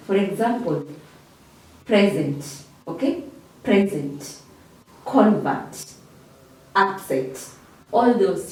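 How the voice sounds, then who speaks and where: A woman teacher leads an English revision lesson at an unhurried pace with a mellow, lively voice that swoops up on each "okay?". She drills words by repeating them patiently. The recording is very echoey and she stands away from the mic. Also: mid-range voice. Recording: echoey room, voice from a distance.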